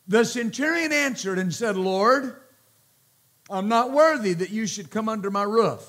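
A man preaching a sermon as pastor, slow and emphatic, repeating words and calling out praise between points. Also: high-pitched, animated, fairly bright tone.

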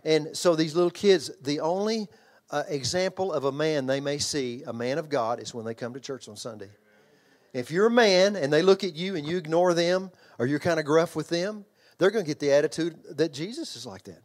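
Preaching with emphasis in a conversational manner, this older pastor, who also trains children's ministry workers, repeats phrases, restarts lines and puts questions to the congregation. His voice is on the high side, with lively intonation and a moderate pace.

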